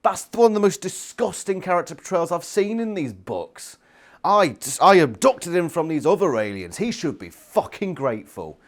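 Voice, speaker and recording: A man's voice: a little high, sing-song, normal speed. A young man giving a casual book review, ranting and swearing constantly in exasperation.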